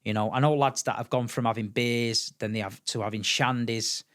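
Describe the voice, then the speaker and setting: A man's voice: mid-range voice, fairly quick. A middle-aged man from England, a podcast guest chatting casually and acting out the voices in his stories. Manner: animated storyteller, acts out quotes, repeats words. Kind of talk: casual chat.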